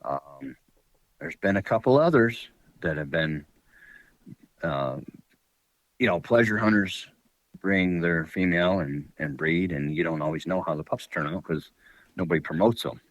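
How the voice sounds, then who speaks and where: A man's voice: low voice, measured pace, long pauses, no room sound, low-quality recording. A man guest on a podcast, telling hunting-dog stories in a rambling, folksy way with lots of fillers. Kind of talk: casual storytelling.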